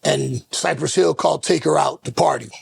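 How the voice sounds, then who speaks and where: Man, gravelly, husky, animated storyteller, casual podcast chat. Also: on the high side, normal speed, no echo. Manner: animated storyteller, acts out voices. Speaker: co-host.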